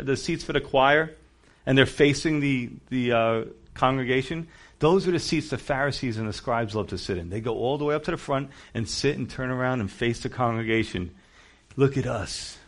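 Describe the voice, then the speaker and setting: A male pastor preaching a casual, conversational sermon, acting out quotes and cracking jokes with laughter. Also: fairly quick. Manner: animated, acts out quotes with shifting pitch and volume; conversational, jokey asides with laughter.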